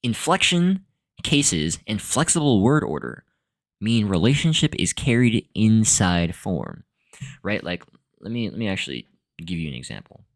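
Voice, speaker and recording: A man's voice: on the low side, sing-song, measured pace. A young man giving a casual, rambling solo talk as a podcast host, full of fillers, restarts and laughs. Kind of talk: casual monologue on language and philosophy.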